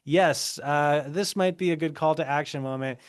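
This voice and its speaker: A man's voice: a little high, normal speed, clean tone. A man co-hosting a true crime podcast, chatting casually and joking as he reacts to viewer comments. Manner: easygoing, joking, laughs often. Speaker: podcast co-host.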